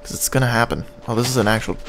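A Canadian man talks his way through a video game in a loose, rambling commentary. His voice sits at an ordinary middle pitch, and he jokes and hums tunes between thoughts. Faint noise sits under the voice. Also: steady tone, rapid-fire, gravelly. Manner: rambling and joking, hums and scats tunes while playing. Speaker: gaming channel host. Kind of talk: casual gameplay commentary.

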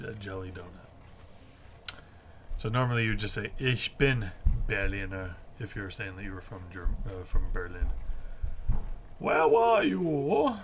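A man's voice: fairly low pitch, a bit bright, slight background noise. A man streaming a video game, chatting casually in rambling explanations full of fillers. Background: game music.

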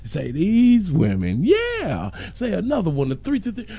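A man from St. Louis hosting a joking livestream, hoarse from losing part of his voice, calling out shout-outs and breaking into squeaky high greetings. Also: huge pitch swings, unhurried, no room sound. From St. Louis, Missouri. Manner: loud shout-outs, sudden squeaky high "hey sugar" bits. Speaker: livestream host reading chat. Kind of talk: joking casual livestream chat.

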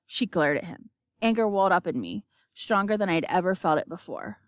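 A woman giving an expressive, measured audiobook narration. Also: fairly low pitch, no echo, studio quality.

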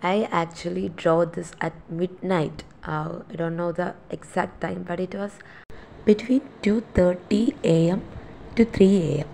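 A young woman with a hoarse voice from a sore throat and cold, chatting apologetically as she narrates her drawing vlog. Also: lowish voice, fairly even intonation, measured pace, noisy background. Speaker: drawing vlogger. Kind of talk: casual voice-over narration.

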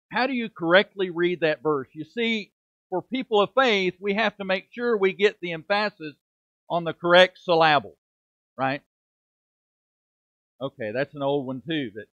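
Middle-aged male preacher, high pitch, emphatic sermon delivery, dull close recording. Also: measured pace, long pauses, a bit bright, no echo. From United States. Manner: emphatic preaching with rhetorical questions and dramatic drops in volume. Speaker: preaching minister. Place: church sanctuary.

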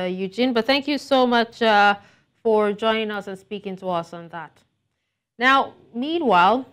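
Female TV news presenter, formal delivery, medium pitch. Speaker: news anchor.

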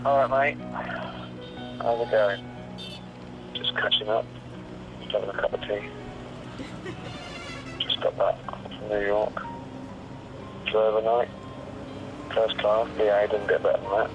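A man's voice: lowish voice, fairly even intonation, a little slow, pauses often, muffled recording, over music. A man leaving a teasing, smug message, laughing as he talks. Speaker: phone caller.

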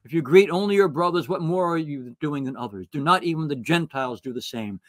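A male retreat speaker from the United States with a slightly high voice. He tells stories and acts out short bits of dialogue. The sound is close and dry, with no room echo. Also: expressive, brisk. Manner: storytelling, acts out dialogue and reads scripture. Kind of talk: retreat talk.

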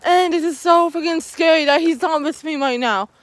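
A high-pitched woman vlogs as she walks alone outdoors. Her talk is jittery and rambling, packed with repeats of "you guys." The sound is dry and close, with hardly any room in it. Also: normal speed, no echo. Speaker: vlogger. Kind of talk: walking vlog talking to viewers.

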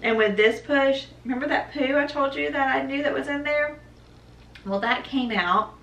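Bright-voiced young woman, echoey room. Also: sits high, moderate pace, highs cut off. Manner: animated, acts out quoted voices, laughs. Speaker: vlogger telling her birth story. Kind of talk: casual storytelling vlog. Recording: echoey room, mic at a distance.

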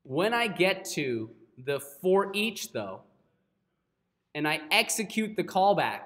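A man's voice: high-pitched, a bit bright. A man teaching a live coding class, who keeps checking in with his students and often apologizes. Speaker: coding instructor.

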